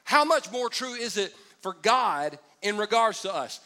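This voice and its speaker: A man's voice: high voice, lively intonation, a little slow, few pauses, bright, forceful tone. A man preaching a sermon as pastor, conversational and humorous, asking the congregation for responses. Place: church auditorium.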